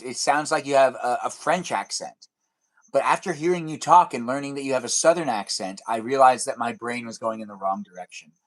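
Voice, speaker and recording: Young male streamer, playful, teasing, rambling chat to viewers. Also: a little high. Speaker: live streamer. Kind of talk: casual live stream chat reading comments.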